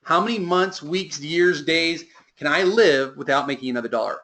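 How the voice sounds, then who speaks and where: Guy coaching his sales team, bright voice on the higher side, big emphatic swings. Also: moderate pace. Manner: emphatic, varied delivery with sudden lifts and drops. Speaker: sales trainer. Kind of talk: motivational training talk.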